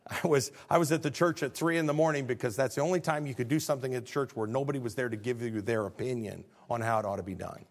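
A man's voice: medium pitch, fast talker, hardly any pauses. A male pastor preaching a sermon, telling stories and rising to fervent peaks.

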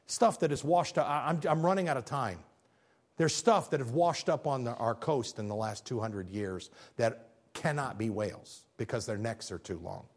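A man giving an animated faith talk over slides, asking rhetorical questions and pressing his points with emphasis, now and then stumbling over his words. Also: mid-range voice, moderate pace. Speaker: speaker presenting slides.

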